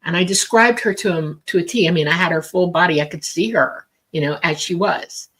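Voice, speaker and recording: A woman's voice: lowish voice, a little fast, fairly bright tone, breathy edge. Rambling woman medium telling a story. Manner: rambling, filler-heavy, acts out quoted dialogue. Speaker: psychic medium. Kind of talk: casual storytelling on a talk show.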